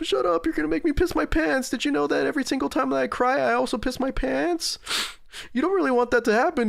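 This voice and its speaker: A man doing a high, whiny near-tears voice. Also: vocal fry, heavily acted. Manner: pleading, mock-sobbing.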